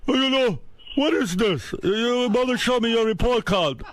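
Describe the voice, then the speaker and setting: A man's voice: very high voice, animated, voice pushed up. A man doing a stern, over-enunciating old immigrant dad. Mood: scolding. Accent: Eastern European. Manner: scolding, slow and over-precise.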